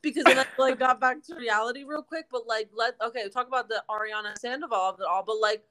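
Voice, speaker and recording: A woman's voice: a little high, quick pace, sharp tone. A woman co-hosting a podcast in casual chat, gossipy and swearing, often breaking into laughter. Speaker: podcast co-host.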